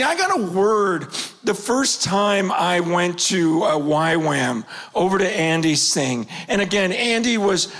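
A man in his fifties preaching a sermon, telling a personal story with passion, swinging from loud urgency to hushed quiet. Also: sits high.

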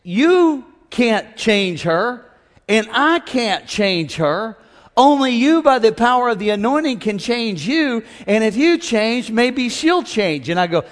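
A man's voice: extremely high pitch, sing-song, takes it slowly, in a large hall. A middle-aged man preaching a humorous sermon in a church, playful and joking, acting out voices and calling on the crowd to respond. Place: large church sanctuary.

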